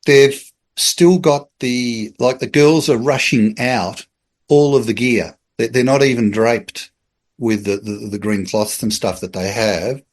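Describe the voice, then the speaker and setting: Middle aged aussie bloke on a podcast, telling a story in a lively way, does little voices for the people in it, mid pitch. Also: male voice, a little slow. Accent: Australian. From Australia. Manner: animated storyteller, acts out quoted voices, chuckles. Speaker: podcast guest. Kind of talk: casual anecdotal storytelling.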